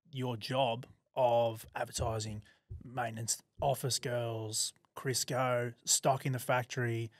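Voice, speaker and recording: A man with an Australian accent in casual podcast chat, blokey and agreeable, quick to back up his partner. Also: mid-range voice, no echo, studio quality. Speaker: podcast co-host.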